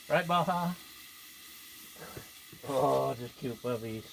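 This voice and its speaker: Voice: mid-range voice, animated, slow, pauses often. A home cook vlogger giving playful, chatty cooking commentary outdoors, talking to the dogs now and then. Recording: loud sizzling griddle noise behind.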